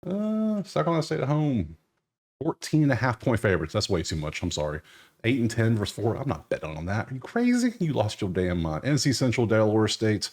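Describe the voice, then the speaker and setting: A man's voice: on the low side, lively intonation, fairly quick, darkish tone. A man casually breaking down basketball bets, blunt and sarcastic, muttering as he reads through stats. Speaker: sports betting analyst.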